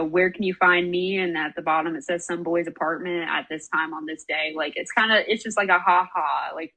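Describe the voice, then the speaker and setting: A woman's voice: lowish voice, breathy edge, low-quality recording. A young woman, a former college soccer player, tells a story on a casual podcast, swearing freely and acting out the voices of others. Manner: animated, swearing, acts out quoted voices, frequent "like".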